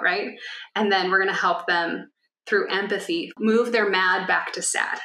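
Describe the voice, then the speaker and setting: A woman co-hosting a podcast, explaining ideas in a casual, animated way and sometimes acting out a child's voice. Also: medium pitch, normal speed, reverberant. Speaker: podcast co-host.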